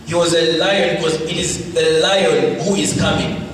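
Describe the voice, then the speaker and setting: A male preacher giving a fervent sermon, moving from shouted rebukes to hushed storytelling. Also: on the high side, level tone, a little slow, a little hiss or hum. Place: large hall. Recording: echoey hall, mic far off, faint ambience.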